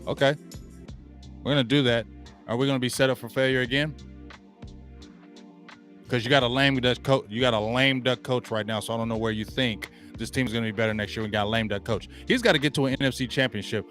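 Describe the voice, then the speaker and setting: A man's voice: medium pitch, a little fast, a bit bright, faint music behind. A man hosting a sports talk show, giving blunt, slangy opinions and repeating points for emphasis.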